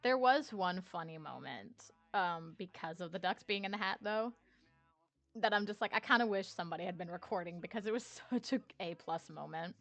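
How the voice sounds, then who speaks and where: A woman's voice: on the low side, normal speed, a bit bright, dry recording. A woman streamer telling a story in casual chat, laughing often and swearing freely.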